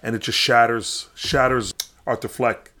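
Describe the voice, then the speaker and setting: A man's voice: mid-range voice, fairly even intonation, measured pace, bright, forceful tone. A man casually recapping a film, rambling on with frequent restarts and fillers.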